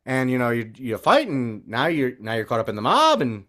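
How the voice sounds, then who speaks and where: Man, podcast co-host, lively swinging pitch, profane and rambling casual chat. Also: brisk. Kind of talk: casual movie review chat.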